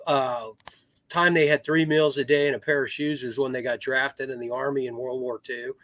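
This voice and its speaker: A middle-aged American man, a retired Marine officer, telling anecdotes as a podcast guest with lively swings in his voice. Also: medium pitch, normal speed, dry recording. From United States. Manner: animated storyteller, swings into raised voice.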